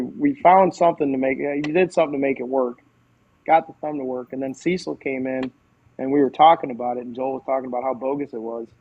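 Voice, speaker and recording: Man telling lively bowling stories. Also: medium pitch, slightly rough, muffled recording. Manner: animated storyteller, quotes others, frequent fillers and restarts. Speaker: podcast guest. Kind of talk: casual storytelling.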